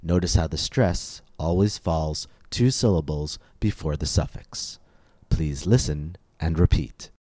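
A man presents a scripted English pronunciation podcast in a very low, mellow voice. He speaks slowly and deliberately, enunciating every syllable. The recording is dry and close, with no room sound. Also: no room sound.

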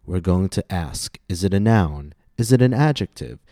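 Man, pronunciation teacher, low mellow voice, dry close sound. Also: animated, no room sound. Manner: slow, deliberate, exaggerates stressed syllables in model words. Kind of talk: scripted pronunciation lesson.

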